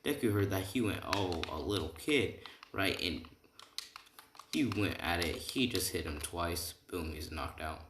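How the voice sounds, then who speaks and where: Deep-voiced man rambling through a story. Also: lively intonation, measured pace, background noise. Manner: rambling, loose, with many fillers and "right?". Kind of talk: casual spoken fan-fiction storytelling. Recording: echoey room, faint keyboard typing.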